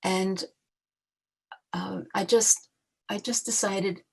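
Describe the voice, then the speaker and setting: A woman in her eighties telling her own life story on a video call, reflective and halting, often restarting her sentences. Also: medium pitch, fairly even intonation, creaky, slightly rough, rough recording. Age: 80s. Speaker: memoir author. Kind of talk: personal storytelling at a book launch. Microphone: computer mic on a video call.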